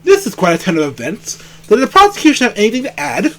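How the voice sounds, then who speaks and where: A man voicing a weary bird judge in a courtroom game, with dry deadpan remarks. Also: sits high, fast talker.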